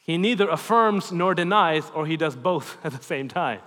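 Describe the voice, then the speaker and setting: A pastor giving a sermon, animated and swinging between emphatic and hushed delivery. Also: male voice, fairly high pitch, moderate pace, hardly any pauses. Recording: long reverb in a large hall.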